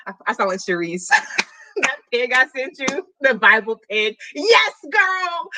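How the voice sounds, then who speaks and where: A woman's voice: sits high, slow pace, slight background noise, low-quality recording. A woman hosting a reading vlog, recapping a book in casual, slangy chat. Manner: animated, chatty, slangy.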